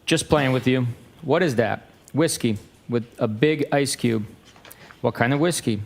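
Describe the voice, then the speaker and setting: A man reading an exchange of text messages aloud in a flat, matter-of-fact way. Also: mid-range voice, unhurried, slight background noise.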